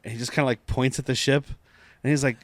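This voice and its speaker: A man's voice: mid-range voice, fairly even intonation, quick pace, no room sound. A man co-hosting a podcast, recapping an episode in loose chat, laughing often and swearing casually. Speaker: podcast co-host.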